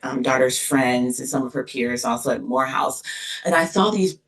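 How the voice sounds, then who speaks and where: Middle-aged woman, university dean, interview guest; earnest and emotional, gravelly voice, recorded off-mic. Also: a bass voice. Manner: earnest, emotional, many pauses and restarts. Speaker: associate dean of students, podcast guest. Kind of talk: casual interview conversation. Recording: distant mic.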